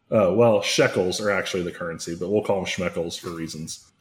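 A man with a fairly low voice hosts a comedy podcast. He recaps a story at length, rambling and correcting himself as he goes. His jokes land dry and offhand. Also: normal speed, long pauses, very noisy. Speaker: podcast host.

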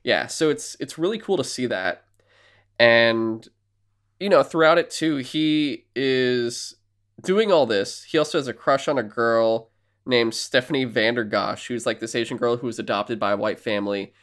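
Animated man retelling a film plot. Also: medium pitch, normal speed. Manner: animated storyteller, many filler words, acts out quoted lines. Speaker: podcast co-host. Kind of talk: casual chat, retelling a film.

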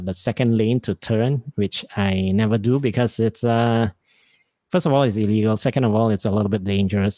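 A man's voice: fairly low pitch, mellow, no room sound. Chatty man, dry close mic. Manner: rambling, self-mocking, laughs often. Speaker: podcast host. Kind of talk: casual comedic storytelling.

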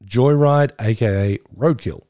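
A man's voice: mid-range voice, unhurried, warm tone, dry recording, clean studio sound. A middle-aged man co-hosting a podcast, rambling in a nostalgic, enthusiastic way with giggles. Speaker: podcast co-host. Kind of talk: casual chat.

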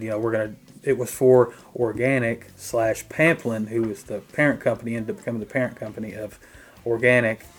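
A drummer appearing as a guest spins lively band anecdotes in casual interview storytelling, doing impressions of whoever he's quoting. He speaks in a mid-range voice.

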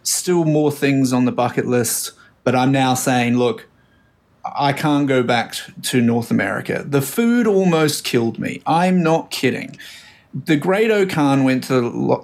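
A man from New Zealand whose accent has shifted toward Australian, chatting as a guest and telling stories in a relaxed way. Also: mid-range voice, creaky. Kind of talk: casual chat.

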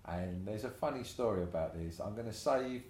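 The older tattoo artist's lowish voice carries at a moderate pace with slight background noise. In an echoey, roomy space in his shop, he swears freely and animatedly acts out what people said while telling anecdotes in a casual interview.

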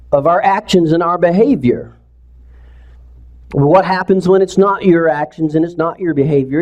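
A pastor speaks to his congregation in a relaxed, mid-pitched man's voice that is neither high nor low. He talks casually, then climbs into impassioned, pleading preaching. The sermon sounds like it was recorded in a church for a streamed service. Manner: earnest, conversational preaching that rises to impassioned pleading.

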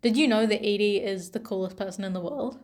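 A young woman talking gently and tenderly to her younger self, with pauses and soft laughs. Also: mid-range voice. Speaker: vlogger.

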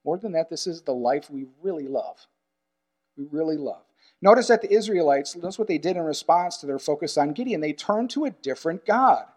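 Earnest high-voiced man preaching a sermon. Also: expressive, brisk. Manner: earnest, emphatic, repeats key phrases; shifts between loud urgent stresses and quiet asides. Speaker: pastor.

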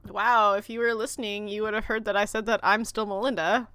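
A woman's voice: mid-range voice, steady tone, brisk, fairly bright tone. A woman co-hosting a podcast in casual chat, joking and sarcastic. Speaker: podcast co-host.

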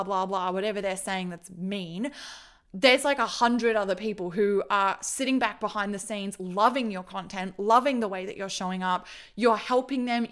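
A woman's voice: medium pitch, a bit bright. A woman hosting her own podcast as a business coach, talking casually and encouragingly straight to her listeners, saying "like" constantly. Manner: chatty and encouraging, heavy use of "like". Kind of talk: casual solo podcast monologue.

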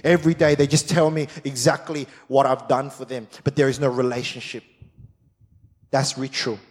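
A man's voice: medium pitch, flat delivery, moderate pace. A middle-aged man preaching a sermon as pastor, fired-up and emphatic with repeated phrases. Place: large church hall. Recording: long church hall reverb.

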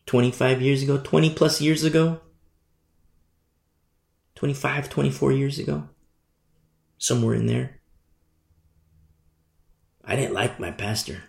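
A man's voice: mid-range voice, measured pace, gravelly, pauses often, reverberant. A man preaching a sermon, repeating key phrases and asking emphatic rhetorical questions. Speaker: pastor.

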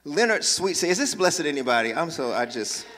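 A man preaching a sermon as pastor, talking with lively energy, joking asides with the congregation and emphatic calls to action. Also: on the high side, a little fast, a little hiss or hum. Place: church sanctuary. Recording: long reverb in large church.

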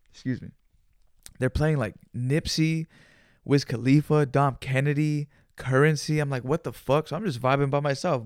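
A man hosting a solo podcast, telling a story in an animated, profane, slangy way with Spanish words mixed in. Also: mid-range voice, smooth, no room sound, studio quality. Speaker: podcast host. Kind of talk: casual storytelling monologue.

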